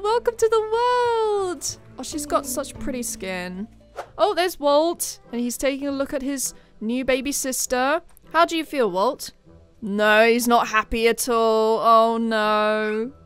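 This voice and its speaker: Excitable woman gameplay commentator, fairly high voice, quick shrieks of surprise, soft music behind. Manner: excitable, with sudden shrieks and exclamations. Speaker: game commentator.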